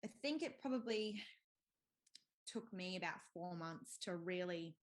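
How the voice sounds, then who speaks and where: This podcast guest has a lowish voice with lively intonation, and she takes her time. Her candid, conversational answers are relaxed and open, sprinkled with frequent fillers and bits of laughter.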